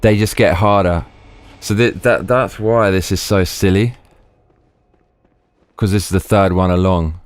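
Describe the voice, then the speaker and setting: Man, gaming streamer, let's play commentary, excitable, heavy swearing, low voice. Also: a little slow, long pauses, clear, resonant tone, dry recording. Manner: excitable, swears a lot, restarts sentences.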